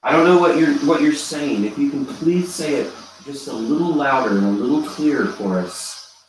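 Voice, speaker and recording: A man hosting a live ghost hunt, calling softly and coaxingly to a spirit in a large old hotel room. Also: medium pitch, normal speed, recorded from a distance, a little hiss or hum. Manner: hushed, coaxing calls to a spirit. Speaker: paranormal event host. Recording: very echoey room, voice from afar.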